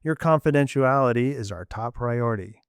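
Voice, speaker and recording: Man reading a calm, reassuring professor. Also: medium pitch, normal speed, clear, resonant tone, no room sound, clean studio sound, lightly acted. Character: reassuring discreet male academic team leader. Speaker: student reader. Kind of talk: amateur story reading.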